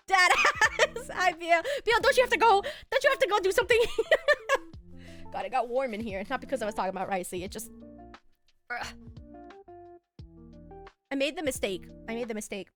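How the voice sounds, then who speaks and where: A woman's voice: a little high, fairly bright tone. A young woman streaming from home, chatting casually with viewers in a giggly, bubbly, teasing way, laughing often. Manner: bubbly, teasing banter with chat. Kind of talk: casual chat with live viewers.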